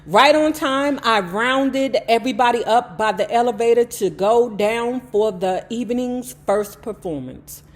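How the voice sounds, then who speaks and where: A woman's voice: fairly high pitch, unhurried, few pauses. A woman reading a memoir aloud to her viewers and breaking off for blunt, profane commentary. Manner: blunt, profane, animated asides. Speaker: YouTube host reading a memoir.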